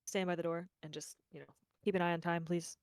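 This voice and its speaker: A woman playing a tabletop game, lively and excitable, often laughing. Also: fairly low pitch, fast. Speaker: player. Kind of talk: casual tabletop play.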